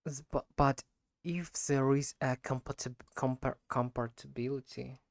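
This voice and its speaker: A man who is not a native speaker of English, talking his way through practice questions, halting and correcting himself as he goes. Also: medium pitch, steady tone, creaky, dry recording, clean studio sound. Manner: halting, frequent self-corrections and repeats. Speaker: language learner practicing speaking. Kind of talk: unscripted spoken practice monologue.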